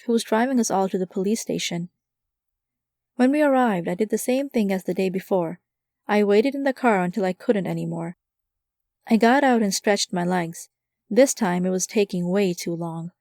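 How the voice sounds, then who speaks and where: A woman narrating a light first-person mystery audiobook, giving lively voices to the characters. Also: mid-range voice, no echo, studio quality.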